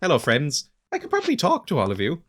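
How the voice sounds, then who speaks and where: A man's voice: a little high, huge pitch swings, fast, a bit bright. A man hosting a let's play, giving casual, chatty commentary that mocks himself as he plays. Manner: chatty, self-mocking, laughs often.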